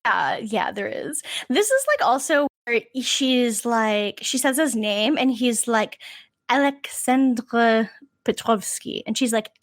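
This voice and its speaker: A woman with a high, bouncy voice co-hosting a casual podcast. She tells stories in a lively way, laughing and swearing as she goes. The sound is dry and close. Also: a little slow, few pauses, no room sound. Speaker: podcast co-host. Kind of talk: casual chat.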